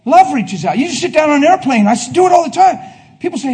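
A male preacher delivering a fervent sermon, swinging between shouted declarations and hushed, intimate asides. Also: very high-pitched, big pitch swings, fast talker.

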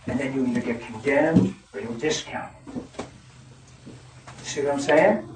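A man in his fifties preaching a sermon, folksy and animated, laughing as he tells stories. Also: on the high side, moderate pace, music in the background. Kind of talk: sermon with storytelling. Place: church hall. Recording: echoey hall from far off, crowd. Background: congregation.

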